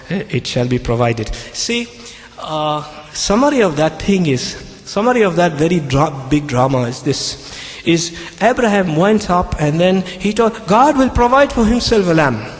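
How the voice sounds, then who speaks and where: A man speaking as a Christian debater, retelling a scripture story emphatically. He repeats key phrases and checks in with the audience with "okay?". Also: fairly high pitch. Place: large public debate hall. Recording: long hall reverb.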